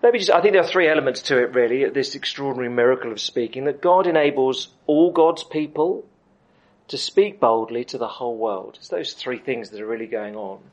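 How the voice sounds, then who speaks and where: A middle-aged man preaching a sermon, emphatic, with dramatic pauses. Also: medium pitch. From United Kingdom.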